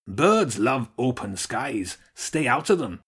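A man's voice: mid-range voice, very animated, slow pace, fairly bright tone, slightly rough, exaggerated voice. A man voicing a tough male rat leader who barks orders at the girls in a storybook reading. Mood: commanding. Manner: barking orders, calls girls "lassie".

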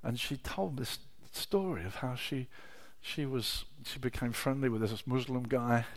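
A middle-aged man preaching a sermon, telling personal stories with emotion, dropping to a hush and then rising to loud exclamations. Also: medium pitch, measured pace. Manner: emotional, swings from hushed storytelling to loud exclamation.

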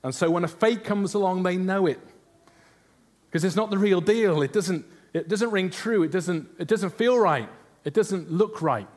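Guy preaching a sermon, kinda high voice, earnest, keeps asking the crowd stuff. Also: moderate pace, a little mellow. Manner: earnest, asks the congregation rhetorical questions.

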